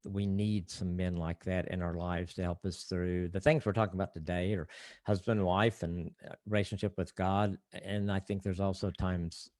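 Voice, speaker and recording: An older man's deep, low voice carries a relaxed, earnest podcast conversation. He reflects aloud and restarts his sentences as he goes. The sound is dry and close, with no room behind it. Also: normal speed, dry recording. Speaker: marriage counselor guest. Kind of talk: casual podcast interview.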